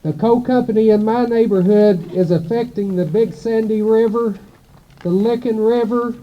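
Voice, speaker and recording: A man's voice: high voice, lo-fi sound. A man giving a prepared speech at a rally, nervous and earnest. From Kentucky. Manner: nervous, reads slowly and earnestly. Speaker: local resident speaking at a rally.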